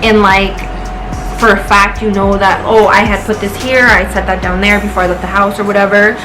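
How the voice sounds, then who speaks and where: A woman's voice: mid-range voice, level tone, fairly quick, low-quality recording. A tipsy young woman rambling through a casual storytime with lots of swearing. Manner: rambling, swearing, loose and chatty. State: tipsy and high. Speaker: vlogger. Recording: music playing behind her voice.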